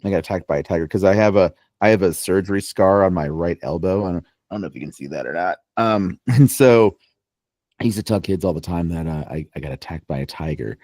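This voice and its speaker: Man, low voice, dry close sound, playful storyteller, casual podcast chat. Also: fast, a little mellow, dry recording. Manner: playful storyteller, joking and teasing. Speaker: podcast co-host.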